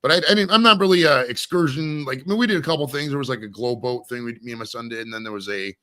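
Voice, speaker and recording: A man's voice: medium pitch, fast, pushed and bright. A man in his forties hosting a podcast interview, rambling casually, swearing and laughing often. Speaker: podcast host.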